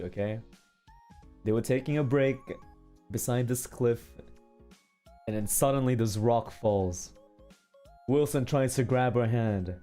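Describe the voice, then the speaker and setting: Slow, mellow-voiced male streamer. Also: medium pitch. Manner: rambling, checks in with "okay?" and "right?". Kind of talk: casual storytelling to chat.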